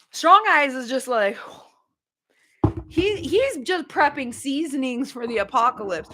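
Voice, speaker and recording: A joking, animated woman chats with her livestream viewers, calling them y'all. Her voice sits a little high. She bounces from one tease to the next. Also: measured pace. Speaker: livestream host. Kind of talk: casual livestream chat with viewers.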